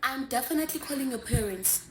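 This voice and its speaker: A woman's voice: high-pitched, lively intonation, fast, a little hiss or hum. A woman playing a strict, exasperated schoolteacher with a South African accent, scolding late pupils. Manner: scolding, demanding. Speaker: comedy skit creator. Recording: echoey room.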